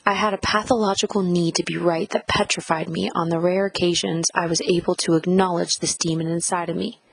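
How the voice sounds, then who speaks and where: A woman narrating a first-person audiobook in a measured, reflective reading style. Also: fairly low pitch, steady tone, vocal fry, breathy edge, dry recording, low-quality recording.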